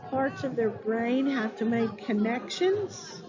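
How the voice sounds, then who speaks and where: A woman educator giving an instructional talk to teachers, deliberate and spelling words out letter by letter. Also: a little high, animated, a crowd in the background. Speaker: early childhood educator. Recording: dull lo-fi sound with clear background ambience.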